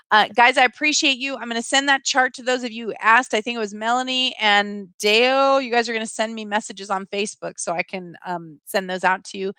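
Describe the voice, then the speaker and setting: A woman's voice: medium pitch, fairly bright tone, no room sound. A middle-aged woman hosting a live stream, speaking earnestly and pleading with viewers, then reading their comments aloud. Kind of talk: emotional live stream chat.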